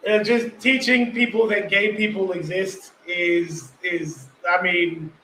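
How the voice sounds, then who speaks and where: A high, bright-voiced man chats loosely, swearing freely and leaning on fillers. His voice carries a roomy echo over a faint hum. He sounds relaxed and off the cuff. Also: slow pace. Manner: laid-back, swears freely, many fillers like "you know what I mean". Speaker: guest. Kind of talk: casual live-stream discussion.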